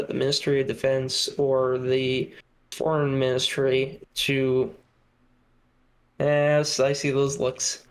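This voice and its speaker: A man's voice: medium pitch, slight background noise. A man who is a podcast guest, talking casually with many restarts and fillers.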